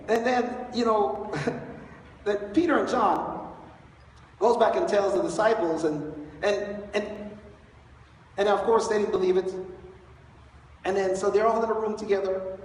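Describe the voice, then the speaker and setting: A man's voice: high voice, a little slow, pauses often. A man preaching an Easter sermon as pastor, telling the story with playful asides. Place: large church sanctuary. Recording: echoey church hall, distant mic.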